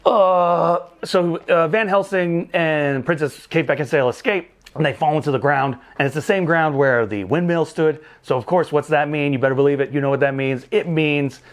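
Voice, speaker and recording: A man's voice: a little high, moderate pace, few pauses. A man hosting a casual movie review show, recapping the plot with jokes, exasperated asides and casual swearing.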